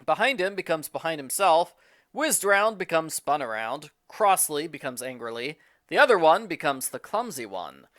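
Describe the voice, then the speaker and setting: A man briskly reading out a matter-of-fact list of changes made to a book. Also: on the high side, big pitch swings, a bit bright, no echo, clean studio sound. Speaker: book reviewer listing edits.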